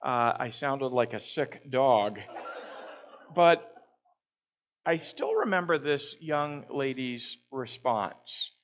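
A man speaks at an ordinary, middle pitch, telling a story in a calm, reflective way. He pauses often with small fillers as he thinks. The recording sounds a bit muffled and dull. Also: slight background noise. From Canada. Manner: unhurried, with frequent "uh" pauses.

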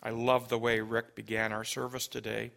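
A male pastor giving an Easter sermon, earnest and building to loud calls to the congregation. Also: mid-range voice, monotone, moderate pace, vocal fry.

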